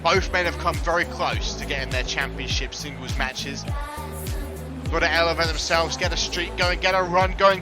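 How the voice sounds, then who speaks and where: A man giving excitable, jokey live wrestling commentary who bursts into big ring introductions. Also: a little high, moderate pace, music in the background, rough recording.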